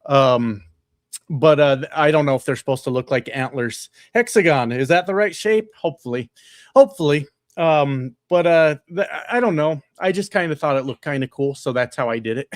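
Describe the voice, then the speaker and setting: A man hosting a livestream, talking loosely and swearing freely as he reacts to viewer comments. His voice sits a little high for a man. He is recorded close on a desk microphone in a treated home room, so the sound is dry. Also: moderate pace, dry recording. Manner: loose, profane and chatty, with frequent fillers and laughs. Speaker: livestreamer and political candidate. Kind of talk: casual livestream chat, reading viewer comments. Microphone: upgraded desk microphone.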